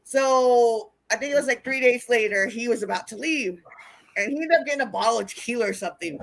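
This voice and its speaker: A woman telling wild road stories in casual chat, animated and profane, acting out what people said. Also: on the high side, a little fast, creaky. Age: older. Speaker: wrestling interview guest. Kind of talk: casual storytelling.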